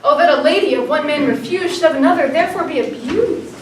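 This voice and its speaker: Brief: student actress as wounded lovesick maiden, very high, distant roomy stage sound. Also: female voice, animated, fast talker, background noise. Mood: hurt. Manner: pleading, wounded verse delivery. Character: young woman Helena, lovesick and hurt. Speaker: student actor. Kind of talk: school stage performance of verse. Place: theatre workshop room. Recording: echoey room, from far off.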